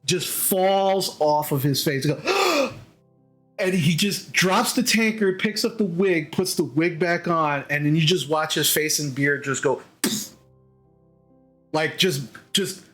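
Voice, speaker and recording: A man narrating as game master in a tabletop game, halting and repeating words as he goes. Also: on the high side, expressive, a bit bright, faint music behind.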